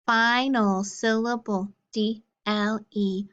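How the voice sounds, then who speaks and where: Female phonics teacher, very slow and careful delivery, dull lo-fi sound. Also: medium pitch, little pitch movement, pushed and bright. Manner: slow, deliberate, sounds out letters and syllables. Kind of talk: phonics lesson drill.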